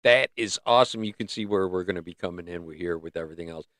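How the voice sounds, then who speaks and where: A man's voice: deep voice, fast, fairly bright tone, no echo, clean studio sound. A middle-aged man hosting a livestream in a casual, rambling way, his throat giving out as he talks. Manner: rambling, musing, with many restarts. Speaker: livestream host. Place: in northern North America. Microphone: close mic.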